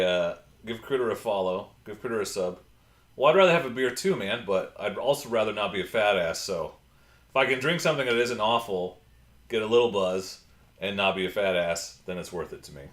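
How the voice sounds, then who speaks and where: A man's voice: mid-range voice, a bit bright, echoey room. A man hosting a casual livestream, chatting and answering viewer comments from his home computer. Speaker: livestream host.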